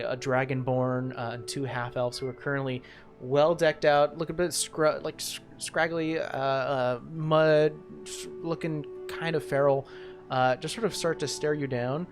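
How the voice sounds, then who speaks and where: A man's voice: mid-range voice, steady tone, a little slow, over music. A man narrating as game master of a tabletop game, rambling with many fillers and restarts.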